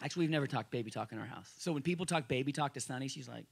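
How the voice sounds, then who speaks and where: A male pastor giving a conversational sermon to a congregation. He restarts phrases often and swings between loud emphasis and quiet asides. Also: mid-range voice, rapid-fire, creaky, slightly rough. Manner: conversational preaching with frequent restarts. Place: church service room with a congregation.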